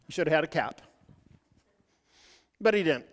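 A man's voice: a little high, lively intonation. Guy preaching, stumbles and restarts a lot, big echoey church sound. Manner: halting, many restarts, storytelling. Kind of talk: sermon.

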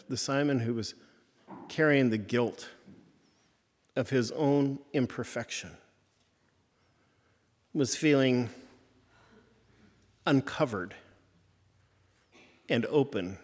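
A man preaching a conversational sermon, halting and restarting often as he retells a story. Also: mid-range voice. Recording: reverberant hall.

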